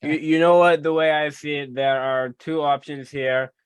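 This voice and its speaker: A man's voice: a little high, steady tone, moderate pace, smooth, dry recording. Chill guy playing d&d, joking around, dry mic. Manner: laid-back, joking. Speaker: player. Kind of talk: casual tabletop play.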